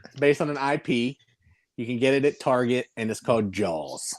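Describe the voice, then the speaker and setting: Man, mid pitch, very animated intonation, emphatic ranting, casual stream chat. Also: normal speed. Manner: emphatic, ranting, blunt put-downs.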